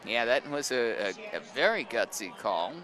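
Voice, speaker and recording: A young man calling high school football play-by-play from an outdoor press booth, excitable on big plays. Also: normal speed, a crowd in the background. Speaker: play-by-play announcer. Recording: outdoor stadium with band music behind. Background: marching band music.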